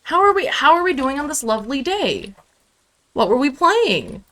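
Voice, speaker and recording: A woman's voice: sing-song, normal speed, bright, forceful tone. Chatty young woman streaming a farming game. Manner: chatty and rambling, slips into high baby talk with her cat. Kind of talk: casual live-stream chat while gaming.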